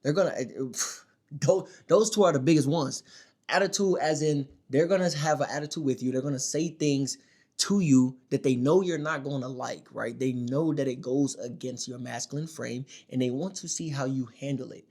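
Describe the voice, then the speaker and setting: A man's voice: normal speed, a little mellow. Emphatic slangy man giving advice. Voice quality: voice not especially deep. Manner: emphatic, slangy, keeps checking in with "all right?" and "my dog". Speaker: dating advice creator. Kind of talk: casual direct-to-camera monologue.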